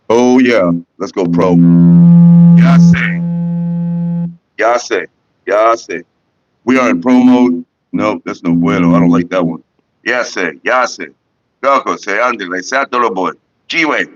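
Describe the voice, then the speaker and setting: A man hosting a casual livestream, rambling and swearing freely while greeting viewers in the chat, on a headset mic. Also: low-pitched. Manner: laid-back, profane and rambling. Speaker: livestream host. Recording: slightly dull lo-fi audio.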